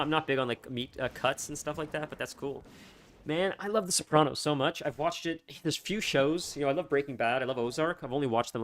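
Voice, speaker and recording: Chatting loosely with live viewers as he plays, this male streamer wanders along, full of fillers and restarted sentences. His pitch is medium and his tone fairly bright.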